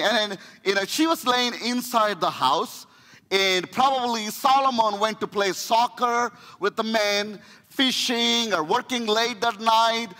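A man preaches a sermon in a high, bright, ringing voice. He tells the story in an animated way, often restarting his phrases. The sound carries a long echo from a church hall. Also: a little slow. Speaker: pastor. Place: church sanctuary.

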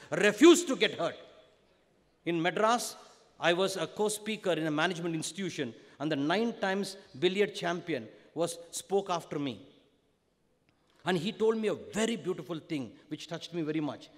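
A man with an Indian English accent giving a storytelling discourse to students, swinging between loud emphasis and hushed tones. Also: high voice. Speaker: spiritual teacher. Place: large university auditorium. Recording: long auditorium reverb.

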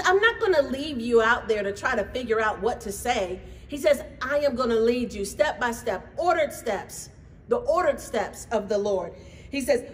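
A woman pastor preaching a fervent sermon, dropping at times into soft prayer. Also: a little high. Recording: distant mic with faint room noise.

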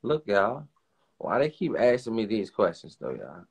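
A man's voice: fairly low pitch, sing-song, husky. A young man hosting a live stream, ranting in a casual, profane, emphatic way and mimicking other people's lines. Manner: acts out others' lines in quick put-on voices.

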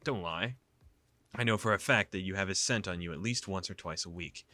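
A sullen, possessive young man from a visual novel, dry and sarcastic, read by a man. The voice sits very low but has a bright, forward edge. The delivery stays flat. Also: fairly quick, no room sound.

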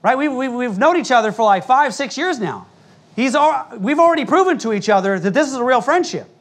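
An American pastor preaches in a church sanctuary before a congregation, his very high-pitched voice animated, fairly quick and fairly bright. His sermon is blunt, emphatic and conversational, with frequent asides to the people listening.

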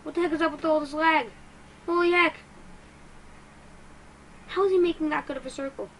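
A woman giving excitable let's-play commentary as a gaming YouTuber, quick to get frustrated and poking fun at herself. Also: high voice, a little hiss or hum, low-quality recording.

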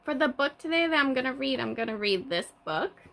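A young woman teaching toddlers, reading a picture book aloud in a slow, sing-song way with gasps of surprise. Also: sits high, lively intonation, creaky, pushed and bright.

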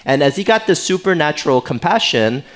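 Pastor man preaching, conversational and animated. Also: on the high side, brisk. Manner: conversational, animated, jokes with the congregation, frequent "right?". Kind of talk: sermon. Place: church sanctuary.

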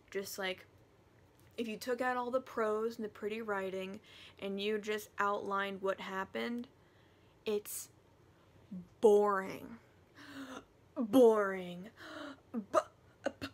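In a chatty, animated book review vlog, a woman talks through her monthly reading, now and then dropping to a whisper. Her voice is fairly high.

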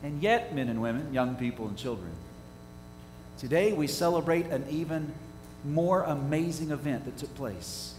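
A male pastor preaching a sermon, asking his congregation rhetorical questions and swinging from quiet to loud. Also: on the high side, lively intonation, normal speed, faint music behind. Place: church sanctuary. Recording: echoey church hall, faint hum.

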